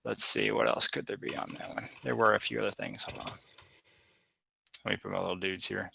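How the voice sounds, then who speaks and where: A man narrating a tabletop game as game master, with halting, filler-heavy narration. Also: fairly low pitch, steady tone, vocal fry, bright, forceful tone, a little hiss or hum.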